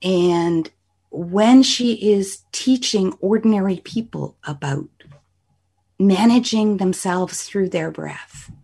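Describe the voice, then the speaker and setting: A woman guest expert leading listeners through a calm breathing exercise, soft and instructive. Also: medium pitch, slow pace, creaky, slightly rough.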